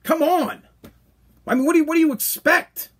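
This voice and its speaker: Crude high-voiced man ranting. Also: normal speed. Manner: blunt, crude and animated, slips into mock voices. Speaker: podcast host. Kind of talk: ranting commentary.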